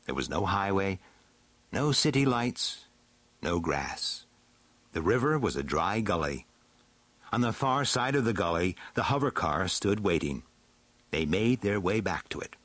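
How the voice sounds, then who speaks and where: A man reading a storybook aloud with a slow, dramatic, swooping delivery. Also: deep voice, big pitch swings, fairly bright tone, dry recording. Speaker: narrator.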